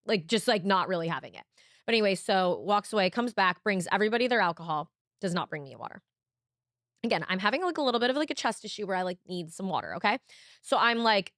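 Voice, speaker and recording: Young female podcast co-host, rapid chatty storyteller, dry studio sound. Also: medium pitch, no echo. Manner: animated, swearing, full of "like". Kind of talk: casual storytelling chat.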